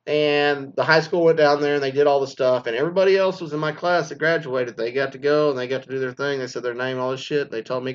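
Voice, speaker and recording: A man in his forties rants about the old days, cursing nonstop in a loose, animated storytelling flow. His voice sits at an ordinary middle pitch. The audio is a bit dull and lo-fi. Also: fast talker, hardly any pauses. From Mesquite, Texas. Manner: crude, swears constantly, animated storytelling. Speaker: former teacher. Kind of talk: profane casual rant.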